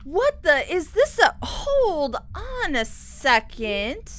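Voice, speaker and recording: A young woman giving let's-play commentary, excitable and gushing, thinking out loud as she plays. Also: sits high, drawn-out words. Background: game background music.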